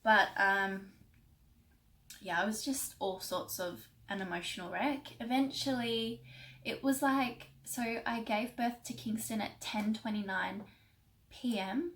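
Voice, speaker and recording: A woman's voice: on the high side, measured pace, fairly bright tone, slight background noise, low-quality recording. A young adult woman vlogger telling a personal story in a casual, rambling way, emotional and full of fillers.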